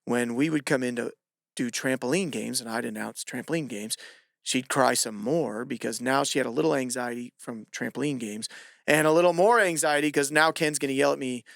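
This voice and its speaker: A man who hosts a podcast and coaches gymnastics, telling stories in casual chat and acting out lively quotes. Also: medium pitch, a little fast, gravelly, no echo, studio quality. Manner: animated, acts out shouted quotes.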